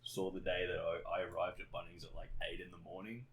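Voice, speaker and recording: A man's voice: low-pitched, little pitch movement, fast talker, a little hiss or hum. A young man chatting on a podcast, telling stories animatedly, swearing freely and laughing along as he talks. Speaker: podcast co-host. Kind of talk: casual chat.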